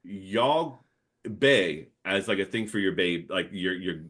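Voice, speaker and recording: A low, slow voice belongs to a comics artist guest in his thirties who hails from the New Orleans area and has a Yat accent. He rambles through animated stories in casual podcast chat, using lots of fillers.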